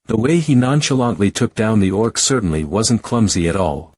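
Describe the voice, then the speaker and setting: A man giving a first-person story recap narration in a steady, even reading. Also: fairly low pitch, moderate pace, breathy edge, dry recording.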